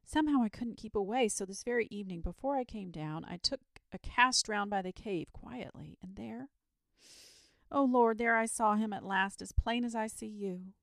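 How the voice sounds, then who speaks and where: A woman's voice: fairly low pitch, normal speed, no echo, studio quality, lightly acted. A woman voicing a frightened middle-aged male shepherd who speaks in agitated, rustic country talk.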